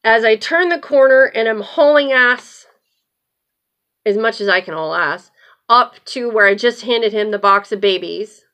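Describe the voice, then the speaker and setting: A woman hosting her own show, telling a personal story in a loose, animated way and swearing freely. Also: on the high side. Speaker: host. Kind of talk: casual storytelling.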